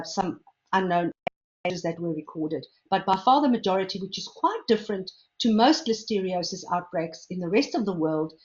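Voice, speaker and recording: An older woman, a food safety expert giving a measured, explanatory lecture and stressing key words. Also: on the low side, highs cut off. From South Africa. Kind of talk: lecture presentation.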